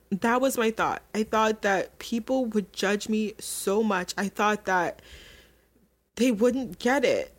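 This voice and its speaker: A woman's voice: mid-range voice, slow pace. A young adult woman hosting a podcast, telling a personal story to her listeners in a candid, emotional way, with many fillers and restarts. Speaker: podcast host.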